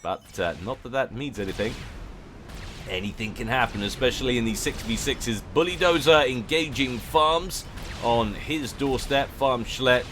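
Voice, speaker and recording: A man's voice: medium pitch, normal speed, fairly bright tone, a little hiss or hum. A man giving casual, jokey commentary on a strategy game match, chatty and often correcting himself. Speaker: game caster.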